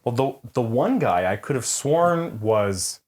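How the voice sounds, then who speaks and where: A man co-hosting a relaxed movie podcast, speaking at an everyday middle pitch. His intonation rises and falls in a lively way. He fills his sentences with "like" and keeps a wry tone. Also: slow. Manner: filler-heavy, says "like" often, wry. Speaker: podcast co-host. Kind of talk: casual film chat.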